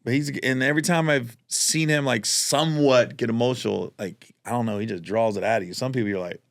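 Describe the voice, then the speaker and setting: A man co-hosting a podcast as a comedian, telling stories in casual chat and acting out quotes in high voices. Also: fairly quick.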